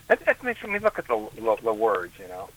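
A man chatting on a radio show as a regular guest, rambling and restarting his sentences in quick bursts. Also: lowish voice, huge pitch swings, dry recording, low-quality recording. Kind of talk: casual on-air banter. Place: radio studio.

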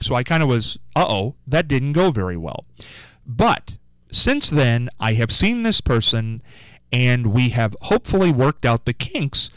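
A man's voice: medium pitch, clean tone, no room sound, poor audio. A man hosting a local radio show, telling a rambling story in a chatty, casual way.

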